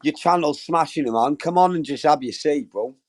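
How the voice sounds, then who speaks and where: A man's voice: a little high, normal speed. A man hosting a casual livestream, talking straight to his chat in a sweary, effusive, rambling way. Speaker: livestream host.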